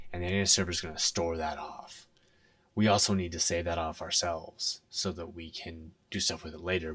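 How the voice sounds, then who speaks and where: A man's voice: low voice, fairly bright tone, dry recording, far from the mic. A man explaining a technical topic at a conference in a conversational way, often checking in with "right?". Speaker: conference speaker.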